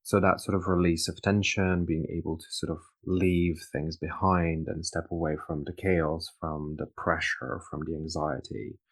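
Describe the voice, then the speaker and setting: A man's voice: sits low, level tone, moderate pace, few pauses. A man co-hosting a casual tarot reading chat, agreeable and thoughtful. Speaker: tarot reader co-host.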